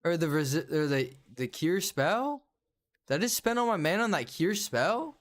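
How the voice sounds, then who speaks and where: A man with a high voice streams a game and chats casually with his viewers. He rants bluntly, full of slang and swearing. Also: very animated, moderate pace. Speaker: gaming livestreamer. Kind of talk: casual livestream chat while playing.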